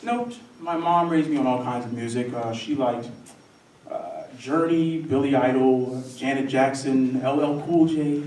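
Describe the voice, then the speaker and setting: A young man performing a wry, animated comic monologue on stage. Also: medium pitch, unhurried. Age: young adult. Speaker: student solo performer. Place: theatre stage before a live audience. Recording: roomy stage sound from a distant mic.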